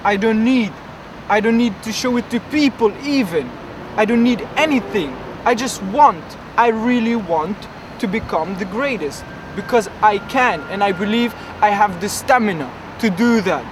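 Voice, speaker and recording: A man plays a grandiose young dreamer with sky-high ambitions. He rambles boastfully and fills his talk with hesitations, in a high voice. Loud traffic fills the outdoor street behind him. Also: animated, moderate pace. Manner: rambling, boastful, full of fillers. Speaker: interviewee. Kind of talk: comedic street interview.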